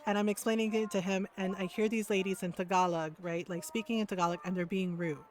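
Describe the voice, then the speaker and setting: A woman's voice: mid-range voice, fast talker, slight background noise. A woman streamer chatting casually with viewers, telling a story with energy, laughing often and checking in with "right?". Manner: animated storyteller, keeps asking "right?".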